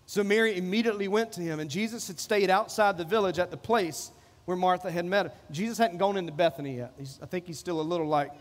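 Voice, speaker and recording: Preaching as a pastor, a man speaks fast in a voice that sits high, repeating phrases and performing the quoted voices of people from the passage. His sermon rings with a long reverb tail.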